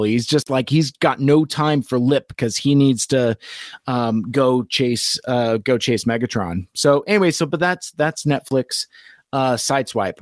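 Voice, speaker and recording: A man's voice: medium pitch, no room sound. Guy rambling through a toy review on stream, lots of ums and restarts, dry close mic. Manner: rambling, halting, many fillers and restarts. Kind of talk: casual live-stream review chat.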